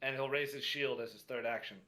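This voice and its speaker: A man playing in a live-streamed tabletop game, describing his character's moves with many pauses and fillers. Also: medium pitch, steady tone, pushed and bright, slight background noise.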